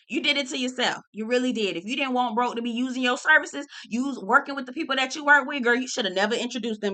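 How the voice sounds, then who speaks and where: Sassy, blunt woman reviewer with a bright, sharp voice and casual vlog delivery. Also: a little high. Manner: sassy, blunt, profane, calls everyone "girl". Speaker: reality TV reviewer.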